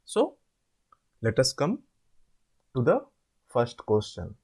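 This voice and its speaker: A man explaining an assignment step by step. He asks questions and answers them himself, and repeats words slowly to show how they are said. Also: mid-range voice, huge pitch swings, a little mellow, slightly rough. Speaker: online tutor.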